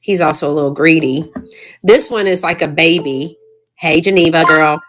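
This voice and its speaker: A woman hosting a casual live-stream sale, chatty and excitable, greeting viewers by name. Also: low-pitched, moderate pace, background noise.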